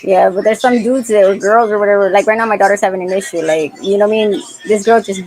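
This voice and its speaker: Fast-talking blunt woman. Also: medium pitch, steady tone, a little mellow, no echo, rough recording. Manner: fast, blunt, profane, laughs while talking. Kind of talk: casual chat.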